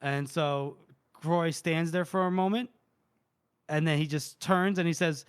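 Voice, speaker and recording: A young man hosting a podcast, casually retelling a book chapter with relaxed swearing. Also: fairly high pitch, a little slow, clear, resonant tone. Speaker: podcast host.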